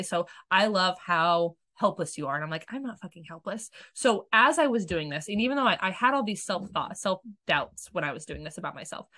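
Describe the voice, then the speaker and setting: A woman's voice: fairly low pitch, bright, forceful tone. A woman coach speaking casually and frankly about her own experience, swearing freely and acting out what she once said to herself. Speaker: self-love coach. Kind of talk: candid personal storytelling.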